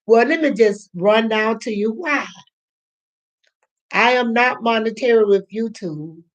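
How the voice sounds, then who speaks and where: Near tears, an older channel host talks slowly and emotionally to her live-stream audience, addressing them as honey. Her voice runs on the high side, and the recording has its highs cut off.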